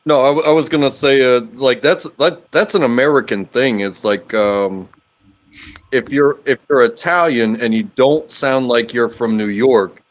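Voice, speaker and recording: A man's voice: medium pitch, moderate pace. A man in a casual panel chat, opinionated and stumbling over restarts.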